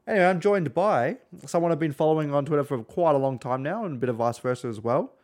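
A man's voice: on the high side, fast talker, darkish tone. A man with an Australian accent hosts a casual podcast. He rambles through asides and swears freely. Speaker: podcast host.

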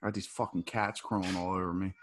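A man's voice: sits low, flat delivery, fast, slight background noise. A man, bantering loosely as a podcast co-host, joking and swearing. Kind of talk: casual chat.

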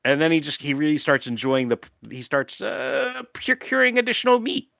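A man talking casually on a podcast, laughing often and swinging his pitch up and down as he gets animated. The sound is dry and close, with no room around it. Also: moderate pace, gravelly, no echo. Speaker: podcast co-host. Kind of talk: casual chat.

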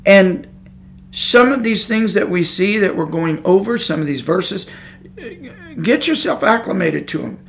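A man's voice: high-pitched, expressive, unhurried, vocal fry. A man preaching a sermon on his podcast, talking in a fired-up, conversational way and repeating his points.

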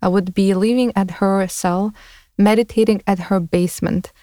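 A woman's voice: medium pitch, fairly even intonation, normal speed, mellow, dry recording, studio quality. A woman hosting a podcast, talking in a thoughtful, casual way and laughing often. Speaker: podcast host. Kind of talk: casual conversation.

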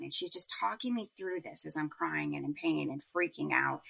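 A woman guest on an interview show, telling a personal story in an emphatic, animated way. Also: deep voice, brisk, creaky, hardly any pauses, breathy edge. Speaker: guest entrepreneur.

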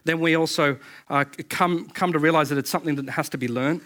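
A man preaching a sermon as pastor, animated and repeating words as he builds to his points. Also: fairly high pitch, brisk. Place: church service.

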